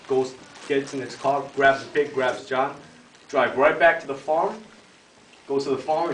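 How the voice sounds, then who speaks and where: A man's voice: mid-range voice, fairly even intonation, normal speed, a bit bright. A man telling a long joke in a casual, meandering way, stuffing in "like" and "you know" and slipping into laughter. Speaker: joke teller. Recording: echoey room, distant mic, noisy home video.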